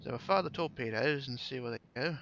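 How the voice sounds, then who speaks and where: A man's voice: medium pitch, fast, a bit bright, muffled recording, slight background noise. A man giving casual, chatty commentary while playing a game, swearing now and then and thinking aloud. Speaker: gameplay commentator.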